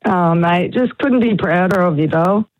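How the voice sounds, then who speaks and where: An Australian woman calling into a radio show as a proud mother, warm and emotional, laughing softly. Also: fairly low pitch, measured pace. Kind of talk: phone call on radio. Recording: tinny phone line.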